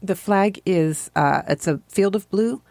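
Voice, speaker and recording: A woman's voice: medium pitch, measured pace, creaky, darkish tone, no room sound. A woman co-hosting a podcast, rambling through fun facts in a chatty, giggly way. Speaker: podcast co-host. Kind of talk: casual chat.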